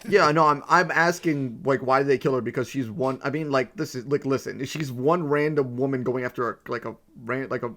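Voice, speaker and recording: Man, podcast co-host, incredulous animated rant, casual swearing, mid pitch. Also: brisk, hardly any pauses. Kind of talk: casual film-review chat.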